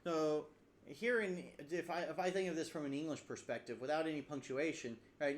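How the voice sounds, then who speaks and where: Brisk and slightly high-pitched, this man explains lessons drawn from his own language study in a relaxed video. He thinks out loud, using fillers and starting sentences over.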